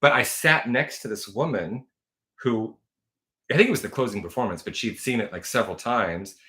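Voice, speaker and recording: A man's voice: medium pitch, moderate pace, bright, forceful tone. A man hosting a casual livestream, telling rambling stories full of fillers and self-corrections. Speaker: livestream host.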